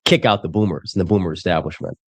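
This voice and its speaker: Fast-talking blunt young man. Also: low-pitched, noisy background. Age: 20s. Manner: blunt, emphatic, opinionated. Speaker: panel commentator. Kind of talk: casual panel chat.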